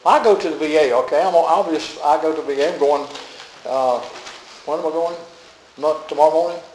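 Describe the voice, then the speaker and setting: An older pastor preaching with a folksy, storytelling manner and frequent chuckles. His voice sits somewhat high for a man and swings from quiet asides to emphatic declarations. The sound carries a noticeable roomy echo. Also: brisk, a little hiss or hum. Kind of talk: sermon.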